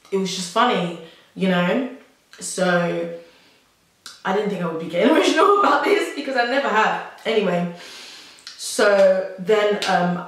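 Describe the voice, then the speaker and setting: Rambling young woman, very echoey. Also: fairly low pitch. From South London. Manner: chatty and rambling, heavy use of "like", with nervous laughs. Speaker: vlogger. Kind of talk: personal storytelling to camera. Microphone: camera mic. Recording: very echoey room.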